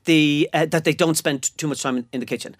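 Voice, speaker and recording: A man's voice: a little high, fast, dry recording, clean studio sound. An Irish man co-hosting a podcast in casual chat, swearing freely and restarting sentences as he talks. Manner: animated, swearing, trailing restarts. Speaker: podcast co-host.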